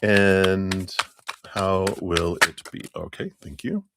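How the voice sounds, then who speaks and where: A man's voice: low voice, slow, heavy background noise. A man hosting a live tarot reading stream, greeting viewers by name in a friendly, casual way and chuckling often.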